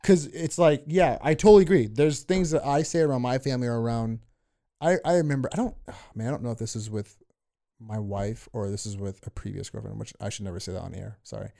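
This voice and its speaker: Easygoing young man, halting podcast talk. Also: medium pitch, gravelly, dark tone. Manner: hesitant, restarts often, asks for clarification; laughs while telling stories. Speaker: podcast co-host. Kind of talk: casual discussion.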